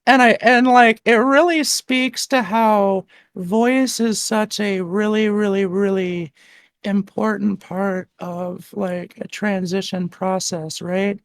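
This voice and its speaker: A woman's voice: medium pitch, fairly even intonation, takes it slowly, no echo. A woman hosting a streamed conversation, talking casually and rambling with lots of fillers. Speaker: stream host. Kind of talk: casual chat.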